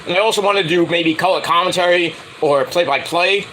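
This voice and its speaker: A middle-aged man who reviews wrestling shows tells a rambling, casual story, packed with filler words and restarts, acting out the lines he quotes. His voice sits high, pushed and bright, a little fast, on a rough recording with a little hiss or hum.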